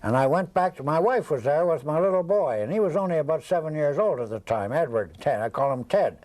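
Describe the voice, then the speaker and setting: Brief: older man, high-voiced, rambling raconteur who slips into the voices of people in his stories. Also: expressive, fairly quick, darkish tone, low-quality recording. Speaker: interviewee, storyteller. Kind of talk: casual anecdotal storytelling.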